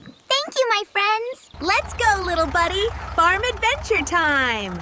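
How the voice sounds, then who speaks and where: A woman's voice: very high-pitched, very animated, slow pace, pushed and bright, a little hiss or hum, exaggerated voice. A woman voicing a cheerful, kind little boy monkey in a children's cartoon, in a sing-song, sweet way. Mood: eager.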